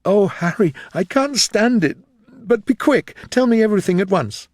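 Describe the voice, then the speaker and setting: A man voicing young Dorian, anguished and high. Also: expressive, moderate pace, darkish tone, no echo, clean studio sound. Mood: pleading. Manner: rising high and strained in distress.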